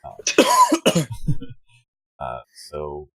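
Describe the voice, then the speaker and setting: Hoarse man, dungeon master, rambling casual intro, very deep voice, bouncy pitch. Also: wildly swooping pitch, drawn-out words, sharp tone, no room sound, low-quality recording. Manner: loose, rambling, loses his train of thought. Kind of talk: casual show intro and announcements.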